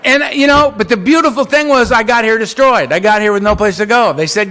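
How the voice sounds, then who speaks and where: A man with a high, bright, ringing voice tells a funny, self-mocking story of his own recovery. He speaks at a conference podium, animated and quick with a punchline. He has a crisp, lively edge in his delivery. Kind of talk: humorous personal testimony.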